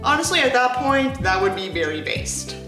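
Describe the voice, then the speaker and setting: A woman's voice: fairly high pitch, sing-song, normal speed. A woman host giving exasperated, sarcastic, swear-filled commentary on a bad book. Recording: roomy echo with music behind. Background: background music.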